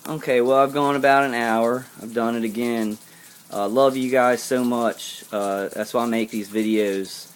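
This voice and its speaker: A man's voice: medium pitch, fairly even intonation, unhurried, clear, resonant tone. A man talking casually to his viewers, rambling and earnest, often breaking off and restarting his sentences. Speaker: vlogger.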